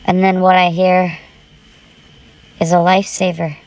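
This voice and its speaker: Woman storyteller, lowish voice, unhurried dramatic first-person horror read, urgent tone. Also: flat delivery, darkish tone, clean tone. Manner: tense, urgent retelling.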